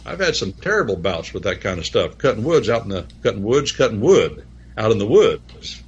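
A husky, lowish male voice gives folksy Bible teaching, wandering into stories and spelling words out loud. His pitch swings widely as he talks. The recording sounds dull and lo-fi. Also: sing-song, normal speed. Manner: rambling storytelling with spelled-out words. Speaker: preacher.

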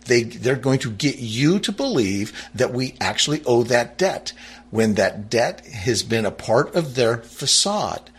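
A husky man delivering a fervent political monologue, his voice climbing sharply when he grows angry and dropping low when he goes quiet. He talks emphatically, stumbles into restarts, and keeps circling back to reread his text. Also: very animated, unhurried. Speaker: political commentator. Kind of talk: impassioned monologue reading from a founding text.

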